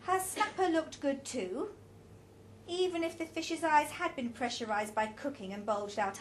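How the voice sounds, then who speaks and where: A woman reading a story aloud, with expressive, unhurried delivery and small restarts. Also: sits high, a little hiss or hum. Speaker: narrator.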